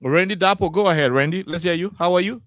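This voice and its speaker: A man hosting a call-in radio show, briskly repeating his words as he moves between callers. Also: high voice, no room sound.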